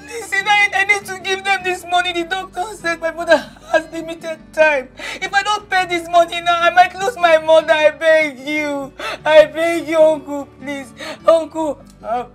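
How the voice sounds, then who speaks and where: An actress with a Nigerian accent playing a desperate young woman who pleads tearfully with her uncle and breaks into shouting. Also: very high voice, fairly even intonation, normal speed, hardly any pauses, faint music behind. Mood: pleading. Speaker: desperate daughter. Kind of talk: Nollywood film drama.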